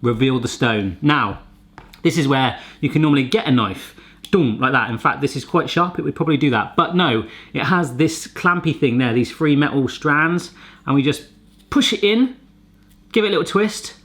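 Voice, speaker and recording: A man hosts a kitchen gadget review video in a casual vlog style, chatting easily and cracking playful jokes. His medium-pitched voice is animated and a bit bright, and he talks at a moderate pace.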